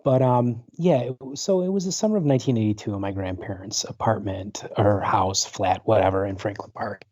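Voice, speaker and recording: A man's voice: on the low side, brisk, hardly any pauses, a little mellow, no echo. A man in his forties, guest on a talk show, telling a personal story in a rambling way full of fillers and restarts over a video call. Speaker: guest, paranormal researcher. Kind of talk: casual storytelling interview. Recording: dull lo-fi internet call audio.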